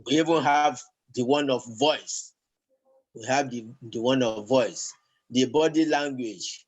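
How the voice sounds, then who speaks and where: A man teaches a class at a measured, unhurried pace. He keeps stopping on fillers and repeating words as he explains. His voice sits in an ordinary middle pitch for a man. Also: rough recording. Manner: slow, halting, with many fillers and repeated words. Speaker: Yoruba language teacher. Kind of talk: classroom lesson.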